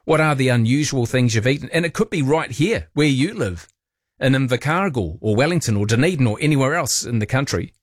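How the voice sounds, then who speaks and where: A man's voice: mid-range voice, lively intonation, brisk, no room sound, clean studio sound. A man hosting a talkback radio show, chatting casually with playful, joking asides. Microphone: studio microphone.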